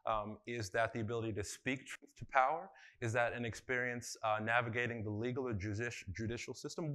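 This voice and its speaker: A man runs a live workshop in a conference room, his voice bright and forward. He talks in a loose, conversational way, full of fillers, and keeps throwing questions out to the audience. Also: medium pitch. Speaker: workshop facilitator.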